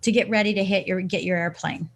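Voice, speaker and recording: A woman's voice: on the low side, steady tone, fast. A woman guest on a podcast, a coach explaining her ideas and acting out scenarios with quoted self-talk. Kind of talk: casual interview chat.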